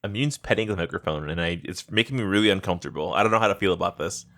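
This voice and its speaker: A man's voice: low voice, animated, racing, a bit bright. A young man hosting a casual gaming podcast, swearing and telling stories with animation. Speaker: podcast host. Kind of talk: casual chat.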